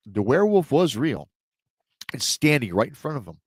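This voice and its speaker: A man's voice: medium pitch, very animated, normal speed, darkish tone, no echo. A man hosting a show, casually retelling a listener's true encounter story with rambling asides to his audience. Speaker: host and storyteller.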